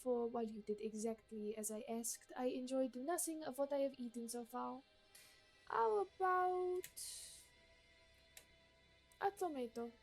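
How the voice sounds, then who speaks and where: A woman voicing a snobbish, demanding gourmet woman in a put-on French accent, reading game dialogue aloud in a drawn-out, theatrical way. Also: sits high, darkish tone, husky, soft background music, heavily acted. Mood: imperious.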